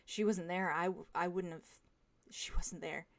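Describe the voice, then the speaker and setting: A woman plays a devastated young man in denial, his words garbled and stuttering as his voice breaks. The voice is low and gravelly. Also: steady tone, unhurried, no room sound. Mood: panicked.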